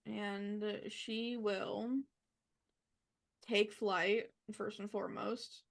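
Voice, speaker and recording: A woman playing a tabletop role-playing game, describing her character's actions and tossing in quick, chatty asides. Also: medium pitch, little pitch movement, gravelly. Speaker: player. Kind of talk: casual tabletop game play.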